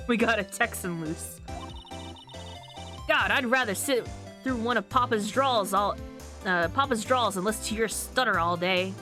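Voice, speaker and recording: A woman's voice: medium pitch, unhurried, long pauses, over music. A woman streamer giving playful, giggly commentary while playing a game.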